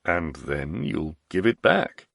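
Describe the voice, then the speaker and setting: A man voicing a composed nobleman who speaks in a measured, reassuring way. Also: deep voice, very animated, gravelly, fairly bright tone, dry recording, studio quality, heavily acted. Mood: calm, measured. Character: calm, composed nobleman, quietly persuasive.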